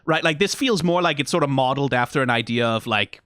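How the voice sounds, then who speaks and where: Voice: medium pitch, expressive, fast talker, fairly bright tone, clean tone, no echo, clean studio sound. A streamer from Denmark with a Danish accent, giving casual, rambling reaction commentary full of fillers and swearing. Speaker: video reactor.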